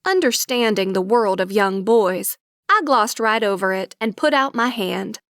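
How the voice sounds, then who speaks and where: A woman narrating a romantic comedy audiobook in first person, with wry, lively storytelling. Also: mid-range voice, measured pace, no echo, studio quality.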